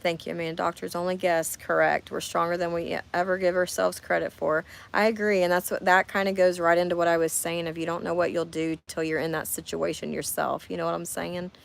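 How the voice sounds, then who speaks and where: A woman's voice: fairly low pitch, level tone, a little fast, vocal fry, hardly any pauses. A woman, reading viewer comments and chatting on her livestream from a camping trip. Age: 40s. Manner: chatty, talks straight to viewers. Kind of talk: casual chat. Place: camper while on a camping trip.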